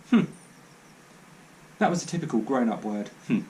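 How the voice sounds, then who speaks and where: Wry, animated male storyteller. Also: medium pitch, moderate pace, rough recording. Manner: dry, wry narration. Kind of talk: reading a children's book aloud.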